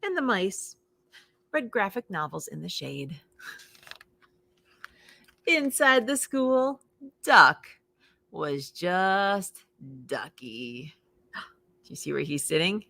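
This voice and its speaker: A woman, a children's librarian, reads a picture book aloud for preschoolers in an animated, expressive way, playing up the sounds for children. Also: fairly low pitch, slow, vocal fry, long pauses. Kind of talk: storytime read-aloud for preschoolers.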